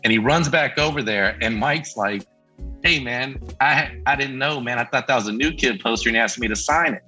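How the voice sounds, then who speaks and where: A middle-aged man spins a story in a casual chat and jumps into the voices of the people he quotes. His tone is bright and forceful with a husky edge, and faint music plays behind him. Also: medium pitch, a little fast, rough recording. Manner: lively, acts out quoted voices. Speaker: band member guest.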